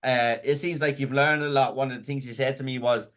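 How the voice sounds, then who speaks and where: A man's voice: medium pitch, steady tone, a little fast, fairly bright tone. Man asking long, rambling questions. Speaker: interviewer. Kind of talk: casual interview.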